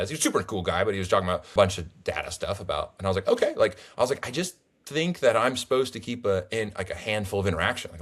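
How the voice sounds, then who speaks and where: A young man with a very low, deep voice tells his tournament story in a loose, rambling way. He jumps between thoughts and restarts his sentences, animated and conversational. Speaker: tournament player guest. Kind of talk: casual conversational recap.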